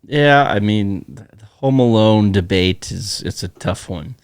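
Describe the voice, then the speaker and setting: Low-voiced man, casual podcast co-host. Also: unhurried, smooth, dry recording, clean studio sound. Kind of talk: casual chat. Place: Bismarck, North Dakota.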